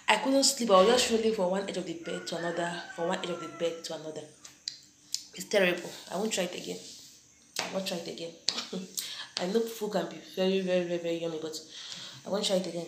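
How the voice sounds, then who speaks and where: A woman's voice: mid-range voice, reverberant. A young Nigerian woman with a Nigerian accent, chatting casually to her viewers in a home vlog and repeating her phrases. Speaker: vlogger. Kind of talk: casual vlog chat to camera.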